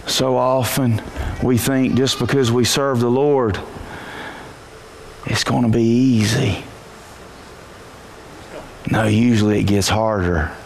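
A pastor preaching a sermon in church, telling the story with energy and moving from quiet asides to shouted peaks. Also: male voice, mid-range voice, fairly even intonation, slow pace, creaky, pauses often, a little hiss or hum.

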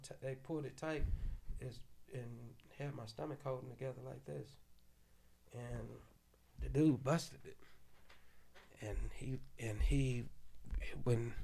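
Gravelly man telling a rough story. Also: mid-range voice, a little mellow. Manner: loose, profane storytelling, lots of "you know what I'm saying". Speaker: podcast guest. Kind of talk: storytelling in casual chat.

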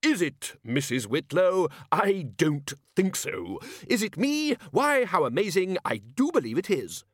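A man voicing a blustering, overbearing male wizard who leads a university, in a booming, bellowing voice. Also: big pitch swings, moderate pace, fairly bright tone, no room sound, clean studio sound.

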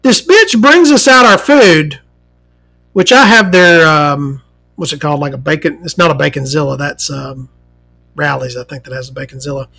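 A woman hosting a casual talk show, ranting in a profane, animated, rambling way. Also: deep voice, normal speed, vocal fry, faint music behind.

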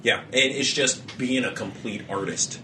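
A man's voice: medium pitch, unhurried, noisy background. A young man co-hosting a podcast, rambling casually with frequent restarts and a lot of swearing. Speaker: podcast co-host.

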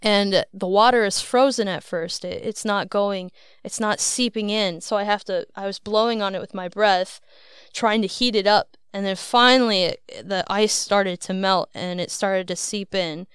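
A woman guest telling her dream in a loose, rambling way, laughing a little at herself now and then. Her voice is very smooth and resonant, and it sits close and dry on the mic. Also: mid-range voice, steady tone, normal speed, dry recording. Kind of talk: casual storytelling.

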